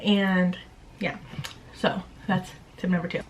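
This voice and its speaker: A woman's voice: on the low side, level tone, slow pace, a little hiss or hum, poor audio. A young woman vlogging at home in a chatty, upbeat, candid way, full of "like" fillers. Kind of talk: casual chat to camera.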